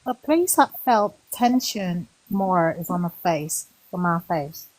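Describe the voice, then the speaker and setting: Woman participant, husky low voice, slow and halting, casual group sharing. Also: expressive, no echo, low-quality recording. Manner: hesitant, halting speech.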